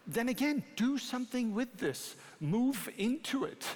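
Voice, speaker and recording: British pastor preaching in a reverberant hall. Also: male voice, very high voice, a little fast, few pauses. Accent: British English. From Britain. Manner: animated, rising to emphatic peaks. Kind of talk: sermon. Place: church sanctuary.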